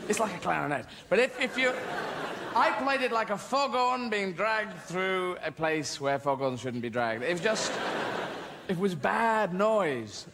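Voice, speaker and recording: A man's voice: high-pitched, a bit bright, a little hiss or hum. A man with a British accent doing rambling, playful stand-up comedy on a theater stage, swearing freely. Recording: live theater recording, echoing hall. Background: audience laughter.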